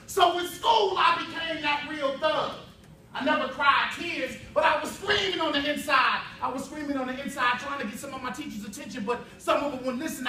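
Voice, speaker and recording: A man giving an impassioned spoken word performance at a youth summit, building rhythm through repetition and shouting at the peaks. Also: extremely high pitch, slight background noise. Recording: echoey hall from far off with faint ambience.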